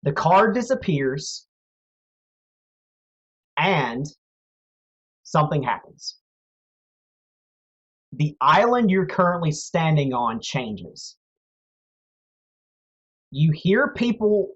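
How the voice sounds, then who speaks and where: A man narrating as game master of a tabletop game, telling the story in a slow, measured way. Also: fairly high pitch, lively intonation, breathy edge. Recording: dull lo-fi audio, faint music.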